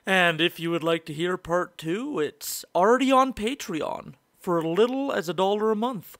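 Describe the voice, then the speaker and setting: A man co-hosting a podcast, upbeat and brisk, reading plugs and chatting casually. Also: high voice, animated, a bit bright, no room sound, clean studio sound. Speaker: podcast co-host.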